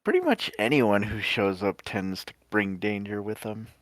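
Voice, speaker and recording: A man's voice: lowish voice, normal speed, no echo. A man voicing an easygoing former general with dry, wry humor. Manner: relaxed, chuckling, wry.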